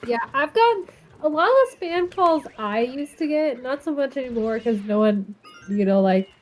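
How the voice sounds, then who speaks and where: A woman's voice: sits high, expressive, normal speed. A woman chatting casually with friends on a livestream, in a laid-back, easygoing way. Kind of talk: casual chat among friends.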